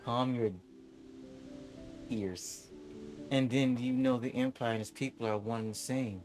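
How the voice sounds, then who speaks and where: A man's voice: medium pitch, fairly even intonation, a little slow, darkish tone, soft background music, close to an everyday voice. A man reading a smug warrior general woman.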